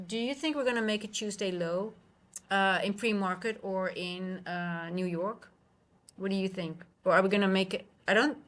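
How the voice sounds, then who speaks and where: Dutch woman chatting through a live trading stream. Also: medium pitch. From Netherlands. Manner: chatty, self-correcting, reads and answers live chat.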